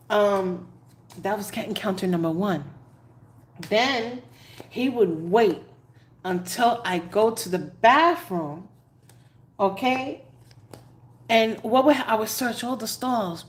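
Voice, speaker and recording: Animated New woman telling stories. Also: medium pitch, normal speed. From New York. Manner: animated storyteller, laughs often, dramatic asides. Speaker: tarot reader. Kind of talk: casual live-stream chat.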